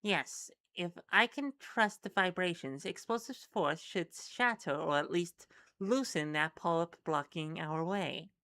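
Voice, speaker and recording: A calm, clinical doctor speaks in a brisk, measured, reassuring way, voiced by a woman reading a webcomic. The voice is bright and crisp. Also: on the low side.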